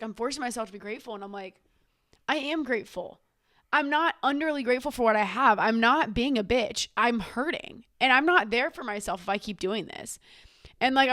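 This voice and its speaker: A woman's voice: fairly high pitch, fairly bright tone, dry recording, clean studio sound. A young woman hosting a podcast, talking candidly and emotionally in a rambling way, often repeating words as she opens up. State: tearful at times. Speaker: podcast host. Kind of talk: candid personal monologue. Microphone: own camera.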